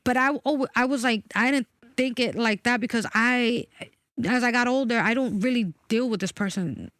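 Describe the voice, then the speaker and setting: A woman's voice: fairly high pitch, normal speed, fairly bright tone, no room sound, clean studio sound. A woman in her forties talking candidly and emphatically about a personal experience, swearing freely. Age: 40s. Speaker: guest.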